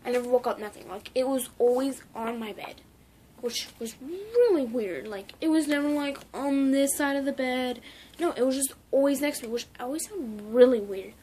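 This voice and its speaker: High-voiced rambling young woman vlogger. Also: animated, normal speed, mellow, slight background noise. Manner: rambling, full of "like" and restarts. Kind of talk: casual memorial vlog.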